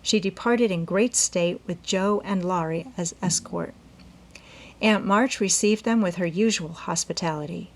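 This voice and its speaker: Lady reading an old novel out loud, steady and clear. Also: lowish voice, a little slow. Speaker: audiobook reader. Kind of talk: storybook narration.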